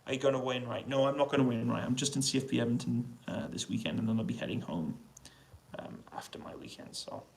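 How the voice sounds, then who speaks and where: A British man in a hotel room, answering viewers' questions on a casual, relaxed live stream and keeping his voice down so he doesn't wake anyone. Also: mid-range voice, fast talker, gravelly, low-quality recording. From United Kingdom. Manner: relaxed, quiet voice to avoid waking neighbours. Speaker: livestream host answering chat questions. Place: hotel room on an army base.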